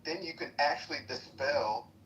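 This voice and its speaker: A man of middle pitch calmly presses his case, insisting that people get their say. His voice comes through dull and lo-fi, set back from the mic with faint noise around it. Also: normal speed. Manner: persistent, reasoning, pressing for dialogue. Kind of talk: live-stream debate discussion. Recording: distant, dull lo-fi sound.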